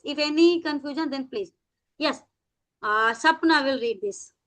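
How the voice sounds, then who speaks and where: A woman teaching an English class over a video call, in Indian English, mixing Hindi with English and stretching words out slowly for her students. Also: high voice, a bit bright.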